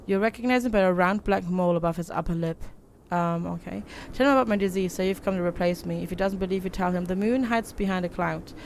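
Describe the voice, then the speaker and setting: A young woman hosting a let's play reads the game characters' dialogue aloud in her own lowish voice, with a little hiss or hum on the recording. She reads flatly, adds fillers and casual asides, and laughs at herself while commenting.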